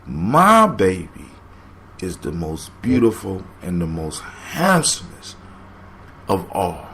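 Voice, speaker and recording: A man voicing a proud, protective mother monkey in a folk tale retelling, slow and defiant. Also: deep voice, wildly swooping pitch, sharp tone, slight background noise, pitched below the performer's own voice, exaggerated voice.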